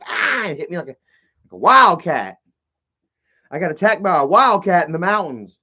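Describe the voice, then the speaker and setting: A man's voice: a little high, big pitch swings, normal speed, bright, forceful tone. A man hosting his own live stream, chatting loosely and profanely with lots of fillers and asides to his viewers. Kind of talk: rambling casual live stream chat. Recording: dull lo-fi stream audio.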